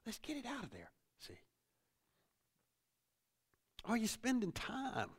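Animated man preaching a sermon. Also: extremely high pitch, takes it slowly, husky. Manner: animated preaching, repeats phrases, tag questions like "see?". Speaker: pastor.

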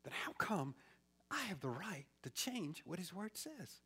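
A man preaching a sermon, swinging from loud exclamations to hushed whispers. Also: high-pitched, big pitch swings, unhurried, slightly rough.

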